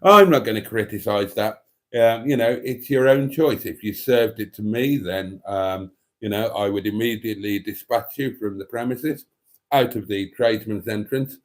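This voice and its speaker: A man hosting a live stream in a deadpan, mock-pompous way, rambling with many fillers as he reads out viewer comments. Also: on the low side, normal speed.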